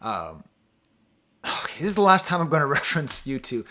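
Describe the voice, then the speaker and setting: A man giving a casual, rambling album review, breaking off into asides to the viewer, his pitch and loudness jumping up and dropping low. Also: brisk. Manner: animated, pitch and loudness swing widely. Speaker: music reviewer, channel host.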